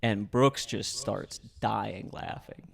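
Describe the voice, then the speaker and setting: Young dude telling a crazy story, low raspy fry voice, laughs a lot. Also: male voice, fairly even intonation, takes it slowly. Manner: rambling, laughing, swears a lot. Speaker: storyteller guest. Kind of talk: casual storytelling chat.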